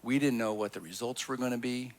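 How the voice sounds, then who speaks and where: Male pastor, mid-pitched voice, earnest sermon, hushed lines that build to emphatic ones. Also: a little fast. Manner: personal storytelling with restarts.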